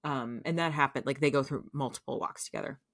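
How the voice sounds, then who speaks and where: Brief: podcast co-host, woman, very low voice, casual meandering recap. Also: quick pace, no echo, clean studio sound. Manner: rambling recap full of "um" and "like". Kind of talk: casual chat.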